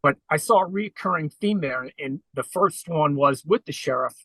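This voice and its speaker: A man's voice: a little high, expressive, normal speed, a bit bright, no room sound, poor audio. A man telling his story at length as a podcast guest, in an earnest conversational way. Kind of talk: conversational interview.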